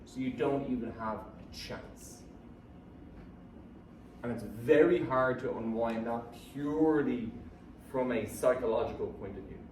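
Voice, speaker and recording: A man, a guest speaker giving a lively, joking talk and coaxing the audience to join in. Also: medium pitch, a little slow, pauses often, slight background noise. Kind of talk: live motivational talk to an audience. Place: event hall with an audience. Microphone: phone camera from the audience. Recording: echoey hall phone recording from far off.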